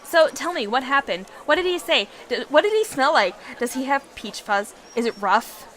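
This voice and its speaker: A woman's voice: high-pitched, very animated, moderate pace, a bit bright, slight background noise. A woman voicing an eager, gossipy teenage schoolgirl friend who fires off nosy questions.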